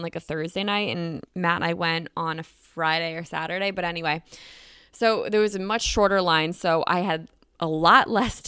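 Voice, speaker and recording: Young adult woman, chatty storyteller, bright crisp voice, dry close sound. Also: lowish voice, no echo. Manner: chatty, filler-heavy with frequent "like"; animated, acts out quoted voices. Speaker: vlogger. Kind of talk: casual storytelling.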